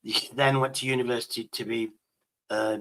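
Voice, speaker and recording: Bright-voiced man rambling and swearing. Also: mid-range voice, flat delivery, normal speed. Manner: rambling, swearing, many restarts. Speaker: host. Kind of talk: casual chat.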